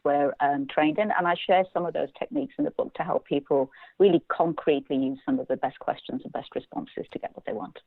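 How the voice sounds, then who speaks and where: A woman psychologist answers an interviewer's questions at a quick clip in a slightly low voice. She sounds articulate and good-humoured. The recording is dry and narrow, like a phone line. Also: animated, gravelly, dry recording. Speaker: psychologist guest. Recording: tinny phone-line call.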